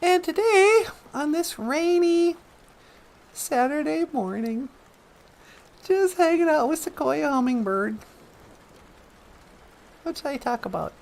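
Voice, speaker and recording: A woman hosting a comedic talk show in an easygoing, playful manner. Her voice is high with a gravelly fry, and she speaks unhurriedly, drawing out her words. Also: lively intonation, slow pace, long pauses, a little mellow. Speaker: host.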